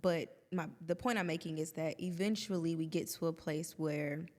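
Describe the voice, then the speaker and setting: Her low, slightly mellow voice holds a steady tone at a moderate pace as she, a woman in her thirties, co-hosts a candid podcast conversation full of expressive quoted asides. The sound has a long reverb tail.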